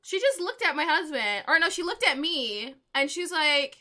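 A woman's voice: high voice, expressive, a little fast, sharp tone. A young woman streaming a game, chatting to viewers in a giggly, rambling way and telling stories. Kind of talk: casual live-stream chat while gaming.

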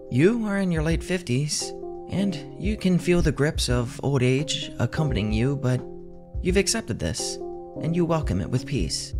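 A man giving scripted second-person horror narration in a measured, tense way. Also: medium pitch.

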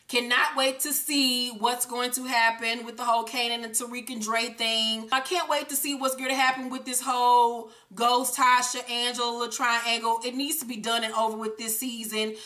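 High bright profane woman recapping TV. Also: moderate pace. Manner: animated, profane, acts out characters. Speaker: TV recap host. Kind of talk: casual profane episode recap.

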